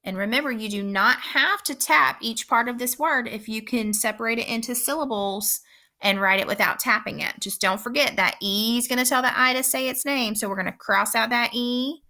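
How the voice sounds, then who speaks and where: A woman teacher giving a recorded phonics lesson, speaking slowly and clearly and repeating each word for young learners. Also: fairly high pitch, sharp tone. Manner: slow, clear instructional pacing with repeated words.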